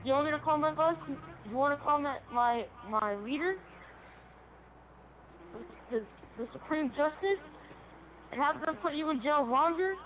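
A woman's voice: high-pitched, unhurried, pauses often, slight background noise, rough recording. A woman playing a swearing, threatening police officer in an improvised game role-play. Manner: bossy, swearing, threatening, shouty.

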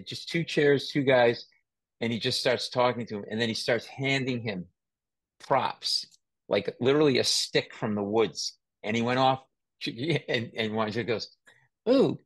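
Animated male podcast host, dry sound. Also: medium pitch, normal speed, no echo. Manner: animated storyteller, laughs often and mimics voices. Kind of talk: casual chat.

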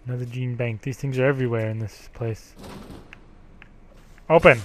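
A man giving gameplay commentary, profane, grumbling and yelling at the game. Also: mid-range voice, little pitch movement, quick pace, slight background noise. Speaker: let's play gamer.

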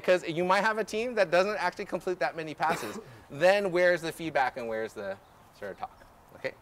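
A man coaching a group through drills outdoors, energetic and instructive, often checking in with "okay?". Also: a little high, fairly quick, slight background noise. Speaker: ultimate coach. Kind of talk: outdoor coaching clinic demonstration. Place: outdoor field.

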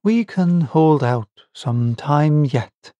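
A man doing a calm, philosophical servant. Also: a little high, no echo, lo-fi sound. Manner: calm, measured. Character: calm, philosophical male manservant.

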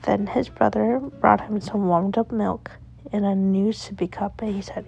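A woman slowly narrating a bedtime story. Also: mid-range voice, steady tone, creaky, a little mellow. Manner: slow unhurried telling. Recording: dull lo-fi audio with faint music.

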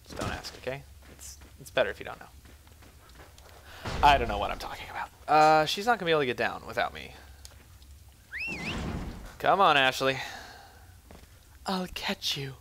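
A man giving goofy, self-mocking commentary while playing a video game, jumping to silly high yelps. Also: big pitch swings, fairly quick, long pauses, fairly bright tone, a little hiss or hum. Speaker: let's play gamer. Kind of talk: joking gameplay commentary.

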